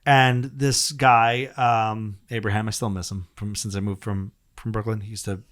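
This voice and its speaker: A man's voice: on the low side, level tone, moderate pace, a bit bright. A man, a comedian guest, telling a rambling, profane story in casual podcast chat. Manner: profane, rambling anecdote with frequent laughs and restarts.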